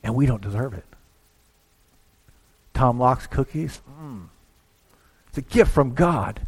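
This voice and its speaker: A man preaching a sermon in a church, talking conversationally and acting out little asides as he swings between quiet and loud. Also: medium pitch, lively intonation, slow pace, husky. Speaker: pastor.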